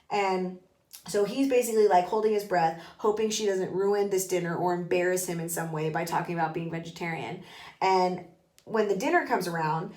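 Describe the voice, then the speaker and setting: A woman's voice: fairly low pitch, a little mellow, roomy sound. A woman hosting a casual book podcast from her bathtub, rambling and emphatic, with frequent swearing. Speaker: podcast host. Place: bathroom, in a bathtub.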